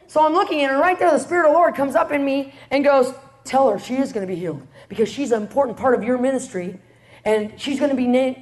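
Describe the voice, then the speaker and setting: High-voiced woman preaching a lively testimony. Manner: animated storytelling, rhetorical questions to the audience. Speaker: preacher, prison ministry leader. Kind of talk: testimony sermon.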